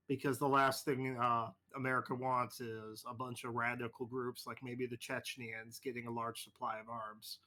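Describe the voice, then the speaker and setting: A man's voice: mid-range voice, sharp tone. A man running a tabletop game over a voice call, narrating casually and swearing freely. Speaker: game master.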